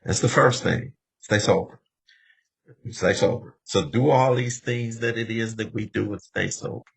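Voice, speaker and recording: Old guy in his 70s sharing at a meeting, super gravelly and husky, chatty storyteller. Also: lowish voice, measured pace. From Los Angeles. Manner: conversational storytelling, often addressing the room directly. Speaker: speaker at a recovery meeting. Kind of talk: personal recovery share.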